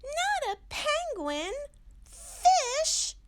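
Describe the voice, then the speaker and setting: A woman voicing an excitable young boy owl chick with high-pitched, squealing protests. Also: extremely slow, heavy background noise, full character voice. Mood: excited.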